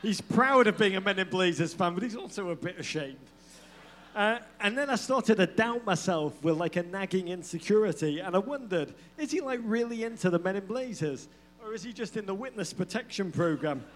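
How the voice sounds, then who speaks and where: A man's voice: high voice, expressive, fairly quick, fairly bright tone, a little hiss or hum. A man co-hosting a live comedic football podcast, telling stories in a playful, mock-dramatic way and laughing often. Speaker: podcast co-host. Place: live show venue.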